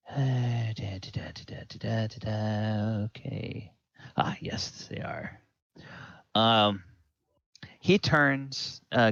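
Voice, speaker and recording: Slow, low-voiced man running a tabletop game. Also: vocal fry, no echo, muffled recording. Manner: rambling, with many fillers. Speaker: dungeon master.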